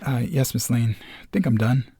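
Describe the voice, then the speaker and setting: A man's voice: mid-range voice, normal speed, mellow, husky, dry recording, studio quality, close to an everyday voice. A man voicing a modest young woman photographer in a screenplay reading, hesitant and deferential. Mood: timid.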